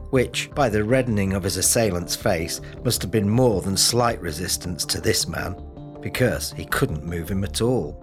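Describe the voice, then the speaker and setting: Deep-voiced male audiobook narrator. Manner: steady, measured storytelling. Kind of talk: scripted narration. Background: music.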